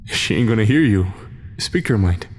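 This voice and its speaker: A man's voice: fairly low pitch, animated, moderate pace, a little hiss or hum. A man voicing a drunk, cheeky soldier who slurs his words. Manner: slurring, cheeky.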